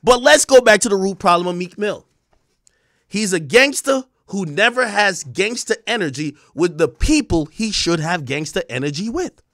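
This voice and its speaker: A man in his thirties ranting on a stream, animated, profane and mocking. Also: sits high, moderate pace, no echo, clean studio sound. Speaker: streamer commentator. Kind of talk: ranting commentary.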